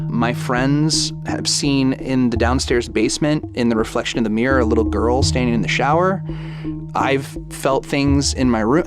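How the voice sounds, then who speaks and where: A man in his thirties tells a true ghost story like he's chatting with a friend. His voice sits in an ordinary middle range, and he slips into the quoted lines as he goes. Music plays under the story. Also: medium pitch. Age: 30s. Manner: lively retelling that acts out quoted dialogue, with many "like"s. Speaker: guest storyteller. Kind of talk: casual spoken ghost story.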